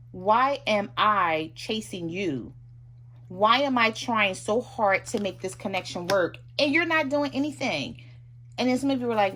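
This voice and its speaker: A woman's voice: a little high, a bit bright, slight background noise. A woman giving a casual tarot reading to her viewers, chatting freely and acting out what both partners might say. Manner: chatty, acts out both sides of a relationship in quick asides. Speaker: tarot reader.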